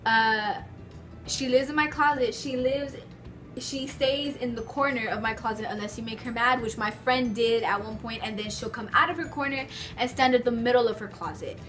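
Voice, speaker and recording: A young woman vlogger telling stories to the camera from her bedroom, in a chatty, animated way full of filler words. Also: fairly high pitch, moderate pace, soft background music. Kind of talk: casual storytelling to camera.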